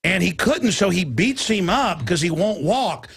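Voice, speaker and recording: Man, middle-aged, talk show host, gravelly voice, slightly high pitch, heated, stammering restarts. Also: expressive, unhurried, a bit bright, no echo. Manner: emphatic, ranting, stammers and restarts. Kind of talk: heated talk-radio conversation.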